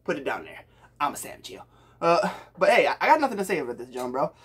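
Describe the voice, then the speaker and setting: A man's voice: fairly high pitch, huge pitch swings, quick pace, husky. A young man from Puerto Rico giving a hyped, slangy reaction to a song for his viewers, calling them bro. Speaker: music reaction youtuber. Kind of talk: casual music reaction talk.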